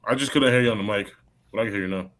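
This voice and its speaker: A young man, a college football player, chatting casually on a live stream while playing a game, excitable and talkative. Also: lowish voice, rapid-fire. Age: young adult.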